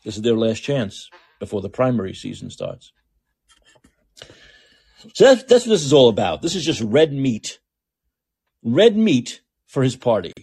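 A man's voice: mid-range voice, sing-song, measured pace, long pauses, darkish tone, breathy edge, no echo. A man hosting a podcast with opinionated political commentary, talking in a sarcastic, mocking, repetitive way. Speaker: podcast host.

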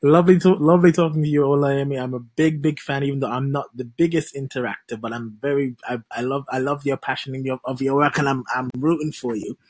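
Quick husky Kittitian young man. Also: medium pitch, steady tone, a little mellow, dry recording. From Saint Kitts. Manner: polite, quick, a bit halting. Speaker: caller.

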